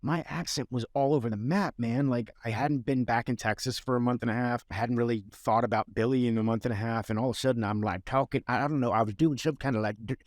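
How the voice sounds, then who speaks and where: A man's voice: mid-range voice, steady tone, fast talker, few pauses, no room sound, clean studio sound. A middle-aged man co-hosting a casual rewatch podcast, laid-back and full of stories with quoted asides. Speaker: podcast co-host, former cast member.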